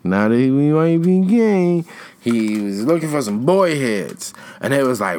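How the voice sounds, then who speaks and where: A man's voice: medium pitch, animated, a little slow, clear, resonant tone. A young man chatting casually in a rambling, slangy way, trailing off and restarting his thoughts. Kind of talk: casual chat.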